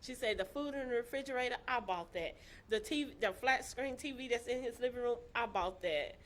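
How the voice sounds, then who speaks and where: Woman, casual storytelling, animated, laughing, acts out quotes, fairly high voice, faint noise behind. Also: brisk. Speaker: guest telling her story.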